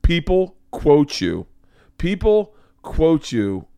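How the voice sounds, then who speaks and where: A man's voice: a little high, wildly swooping pitch, extremely slow, gravelly, warm tone, clear, resonant tone, no echo, clean studio sound. A man hosting a podcast, telling a rambling story in casual chat, swearing and laughing often. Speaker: podcast host and comedian.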